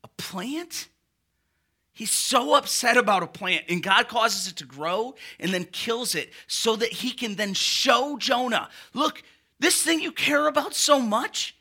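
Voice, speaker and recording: High, bright-voiced male preacher. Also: expressive, unhurried, husky. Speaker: pastor. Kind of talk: sermon.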